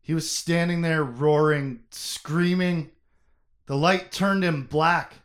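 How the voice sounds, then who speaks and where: A man reading a novel excerpt aloud, voicing a grief-stricken adult man mourning his friend in a raw, pleading way that rises above his normal speaking pitch. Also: steady tone, takes it slowly. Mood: haunted.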